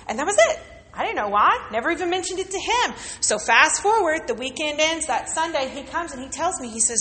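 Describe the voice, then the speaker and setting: A woman's voice: high-pitched, expressive, brisk, pushed and bright, big-room sound. A woman pastor preaching a sermon to a congregation, telling a personal story and leading call-and-response. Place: church sanctuary with congregation.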